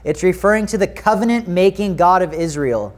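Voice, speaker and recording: An American man with a light, high-pitched voice delivers a Sunday sermon in a church. He reads scripture and prays, then talks to his congregation in an earnest, chatty way. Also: expressive, a little fast. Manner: earnest, conversational preaching with prayer and scripture reading. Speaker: pastor. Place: church sanctuary.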